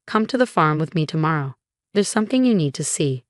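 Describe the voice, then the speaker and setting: A woman reading as a hushed, secretive young woman. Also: deep voice, expressive, fairly quick, no echo, studio quality. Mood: urgent. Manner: hushed and urgent. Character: quiet young woman, secretive sister-in-law.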